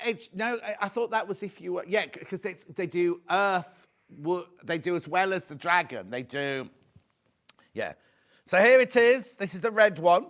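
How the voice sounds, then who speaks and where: A chatty man hosts a live shopping broadcast from a TV studio. His voice sits a little higher than most men's. He jokes with viewers and keeps pushing the deals. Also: fairly bright tone. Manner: chatty, jokey, pushes deals, reads viewer messages. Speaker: shopping channel presenter. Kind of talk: live sales presentation.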